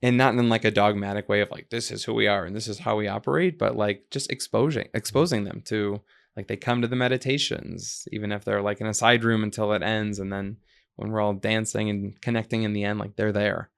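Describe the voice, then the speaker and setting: A man from the United States speaks as a podcast guest, with a low, gravelly voice. He talks reflectively and drifts into stories. He animates the people he quotes. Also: level tone, a little fast. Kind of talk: conversational interview.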